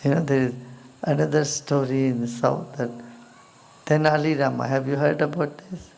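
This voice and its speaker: A spiritual teacher with an Indian accent gives a slow, soft-spoken talk woven with stories, sometimes dropping to near-whispers. His voice is fairly high and gravelly, with a steady tone.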